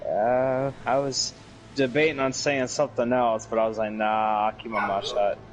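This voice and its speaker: A man's voice: medium pitch, level tone, moderate pace, faint music behind, rough recording. Profane rambling man on a gaming stream. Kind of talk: casual chat.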